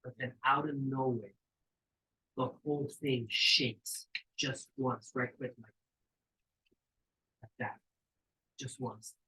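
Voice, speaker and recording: A man reading his own story aloud, animated and profane, in street slang, jumping to high shouted voices for the quotes and dropping low and quiet for suspense. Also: takes it slowly, pauses often, rough recording. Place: cabin during a live event.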